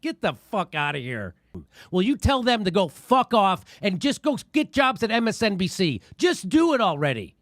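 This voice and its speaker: A man's voice: high-pitched, sing-song, normal speed, a bit bright, dry recording, clean studio sound. Profane ranting male comedy commentator. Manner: profane, ranting, laughs often. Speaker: show host.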